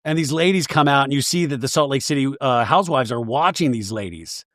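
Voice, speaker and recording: A man hosting a podcast, recapping a show in an animated, profane, joking way with frequent laughs. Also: medium pitch, fairly quick, no room sound, studio quality. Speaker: podcast host. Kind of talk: comedic episode recap.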